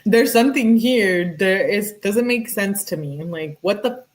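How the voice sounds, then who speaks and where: A woman's voice: mid-range voice, normal speed. Chatty woman hosting true-crime commentary. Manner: chatty, filler-heavy with frequent "like", laughs often. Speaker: true-crime YouTuber host. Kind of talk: casual commentary reading text messages aloud.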